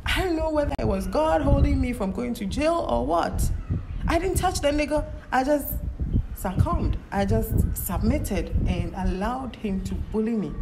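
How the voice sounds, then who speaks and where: A young woman tells a story in a casual vlog, animated and indignant, and she swears freely. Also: on the high side, normal speed. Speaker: vlogger. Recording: clear background noise.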